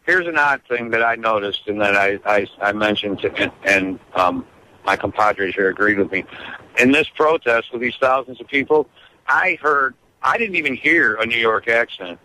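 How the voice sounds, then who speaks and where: A man's voice: mid-range voice, animated, moderate pace, sharp tone, low-quality recording. A man hosting a talk radio show by phone, rambling and self-deprecating in casual chat. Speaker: regular host calling in from the protest.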